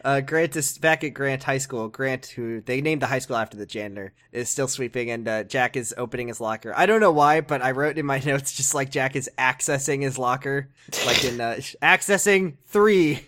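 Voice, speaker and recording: A man's voice: medium pitch, a little fast, fairly bright tone. A man co-hosting a casual podcast, recapping a show with dry sarcastic asides and frequent laughs. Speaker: podcast co-host.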